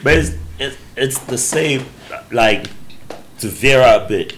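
A man's voice: medium pitch, slow, fairly bright tone, slight background noise. A man hosting a casual podcast conversation, playful and teasing, laughing often. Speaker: podcast host.

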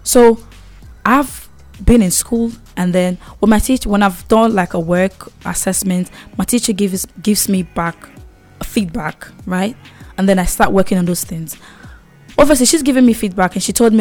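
A young woman with a mid-pitched voice talks straight to her viewers about growing up. She is emphatic and repeats key words. She keeps checking in with a quick "okay?", and faint music plays underneath. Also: a little mellow. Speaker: vlogger. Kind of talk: casual advice monologue.

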